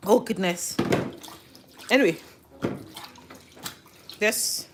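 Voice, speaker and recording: A woman's voice: mid-range voice, extremely slow, noisy background. A middle-aged woman chatting casually while cooking live at home, thinking aloud and correcting herself as she goes. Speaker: home cook and live streamer. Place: home kitchen.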